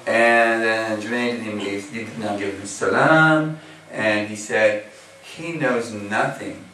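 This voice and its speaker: A man's voice: lowish voice, steady tone, unhurried, bright, forceful tone, slight background noise. An American man giving a casual, chatty sermon as a Muslim preacher, full of filler phrases. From USA. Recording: echoey hall recording from far off.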